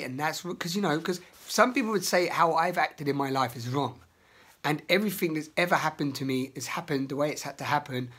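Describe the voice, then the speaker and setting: A man talking through his feelings in a rambling, emotional vlog, swearing often and breaking into loud outbursts. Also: on the high side, slightly rough. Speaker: vlogger. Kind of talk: outdoor confessional vlog. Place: outdoors in nature.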